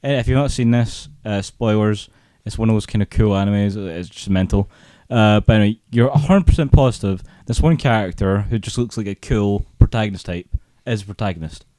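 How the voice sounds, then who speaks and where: A man's voice: fairly low pitch, brisk, few pauses, mellow, no echo, studio quality. A man co-hosting a casual podcast chat, teasing his co-host and telling stories dramatically.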